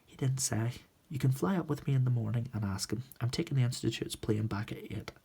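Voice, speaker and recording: A man voicing a determined young woman submarine pilot in a forceful, defensive manner, as a whispered role-play. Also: medium pitch, fairly quick, gravelly, slightly rough, pitched above the performer's own voice. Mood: challenging.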